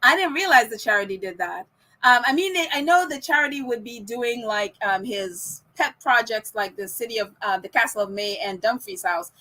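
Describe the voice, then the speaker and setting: A woman's voice: on the high side, expressive, moderate pace, bright, forceful tone. A woman hosting a casual podcast, reading viewer comments and ranting about them with frequent laughs. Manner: ranting, laughs often between phrases. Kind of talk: casual opinion chat.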